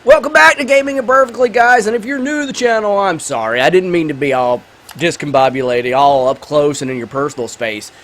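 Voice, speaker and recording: Talking directly to the audience of his gaming channel, this male host is playful and hyped as he blends a let's play with a film review. He speaks a bit quickly, and his pitch leans high.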